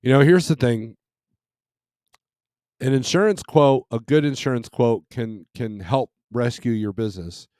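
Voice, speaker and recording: A man's voice: mid-range voice, unhurried, mellow, no room sound, clean studio sound. A middle-aged man hosting a trucking live stream, reading and answering chat in a casual, rambling way with many restarts and fillers.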